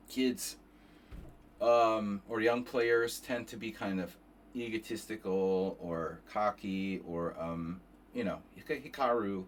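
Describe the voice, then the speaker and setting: A tired man chatting casually on a chess stream, rambling and cursing, with many restarts. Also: mid-range voice.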